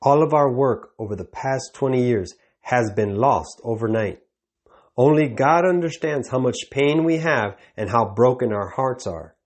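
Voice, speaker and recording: Man reading ministry news, measured. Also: medium pitch, animated. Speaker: news presenter.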